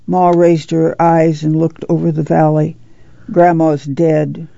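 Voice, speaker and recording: Gravelly, dark-toned woman narrating. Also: low-pitched, monotone, moderate pace, no room sound. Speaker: audiobook narrator. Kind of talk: scripted narration. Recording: dull lo-fi recording.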